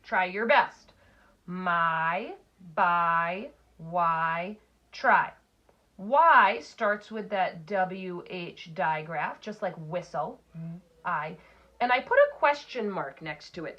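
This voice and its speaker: Woman teacher, slow deliberate phonics delivery, mid pitch, dull lo-fi sound. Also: sharp tone. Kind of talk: recorded phonics lesson for children.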